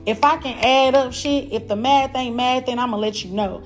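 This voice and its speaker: A young woman with a fairly high voice spins a story in a loose, blunt way, swearing freely and calling out to her listeners. Her talk is casual and animated, with faint music playing underneath. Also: moderate pace. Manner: blunt, profane and animated, talking straight to listeners as "y'all". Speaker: podcast host.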